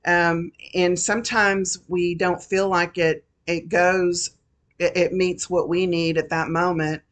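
A woman's voice: fairly low pitch, little pitch movement, takes it slowly. A woman minister giving an earnest, encouraging devotional message, often repeating her phrases. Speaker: Christian minister.

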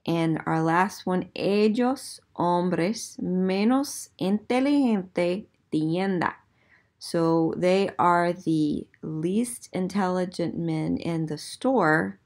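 A woman teaching a Spanish lesson, modeling example sentences slowly and counting aloud while students think. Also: lowish voice, a little mellow. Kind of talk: language lesson.

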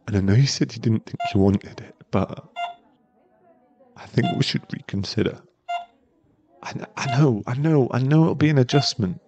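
A man's voice: on the low side, noisy background, natural voice. A man in an ASMR role-play, voicing a young boyfriend at a hospital bedside who pleads, stammers and sounds close to tears. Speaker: ASMR voice actor.

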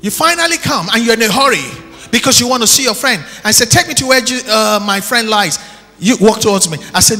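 A man preaches with passion, swinging between shouted lines and hushed asides. His voice sits very high and rings bright and sharp. It is a live church recording with a long hall echo and faint music underneath. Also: animated, moderate pace. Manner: impassioned preaching, shouting then dropping low. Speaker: pastor. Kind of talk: sermon.

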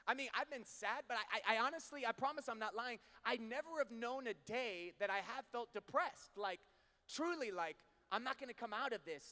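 A man in his thirties preaching a sermon, moving from hushed storytelling to shouted preaching. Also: high-pitched. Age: 30s. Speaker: pastor. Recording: long hall reverb.

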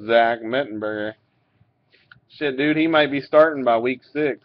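A man's voice: mid-range voice, unhurried. Laid-back man opening cards on a dull webcam. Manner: laid-back, swears and laughs while reading out cards. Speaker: card breaker. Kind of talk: casual card-pack opening commentary. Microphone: webcam mic.

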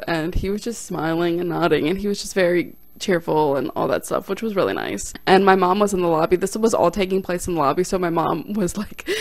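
A young woman tells a funny personal story on her vlog, slipping into quick quoted voices as she goes. Her voice has a gravelly edge of vocal fry, and the recording is close and dry with no room sound. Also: on the low side, no room sound. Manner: animated, self-deprecating storytelling with quoted voices. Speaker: vlogger and stand-up comic. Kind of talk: casual storytime.

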